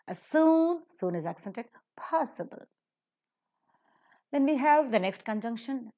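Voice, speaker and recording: A woman teaching English pronunciation in a lecture, slowly and emphatically modeling example sentences. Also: on the high side, animated, mellow.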